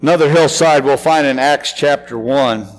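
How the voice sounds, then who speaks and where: A man preaching a sermon and reading scripture aloud, earnest, slowing and softening on the solemn lines. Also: medium pitch, in a large hall, soft background music, low-quality recording. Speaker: pastor.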